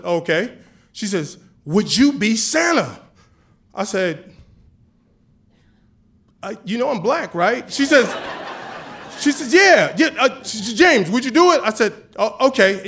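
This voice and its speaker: A man telling a personal story on stage, animated and casual, acting out the dialogue. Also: sits high. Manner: animated, acts out dialogue with voices; casual, chatty with swearing.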